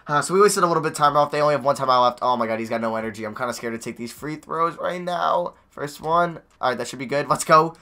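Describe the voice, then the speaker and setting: Nervous, excitable young man narrating gameplay. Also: on the high side, fast, few pauses. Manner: anxious, excitable, talks to players on screen. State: hoarse. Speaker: gaming YouTuber. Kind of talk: live gameplay commentary.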